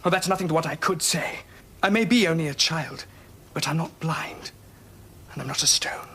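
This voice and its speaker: A man's voice: on the high side, a little fast, pushed and bright, a little hiss or hum. A young actor playing a young Roman prince who speaks to his father in a wounded, reproachful way. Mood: bitter. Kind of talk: television period drama acting.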